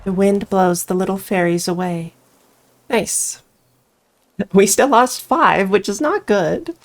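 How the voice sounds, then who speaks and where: A woman plays through a visual novel, reading its lines and chatting about her choices at an unhurried pace. Her pitch sits in an ordinary middle range, and game music plays in the background. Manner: casual, reacting aloud, thinking through choices. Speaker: game player and reader.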